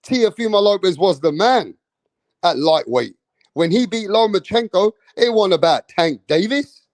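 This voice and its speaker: A man giving casual boxing commentary, excitable and slangy, repeating himself for emphasis. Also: high voice, a little slow, dry recording.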